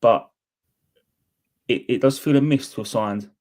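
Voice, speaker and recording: A man's voice: medium pitch, unhurried, a little mellow. A man co-hosting a football fan podcast, speaking in a laid-back, self-mocking way. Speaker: podcast co-host. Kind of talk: casual fan podcast chat.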